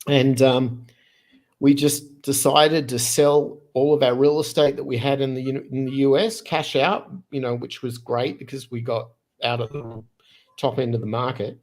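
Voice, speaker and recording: Man, fifties, from Australia, podcast guest, lively casual storytelling, restarts phrases, mid-pitched voice. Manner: animated, quick storyteller who restarts phrases.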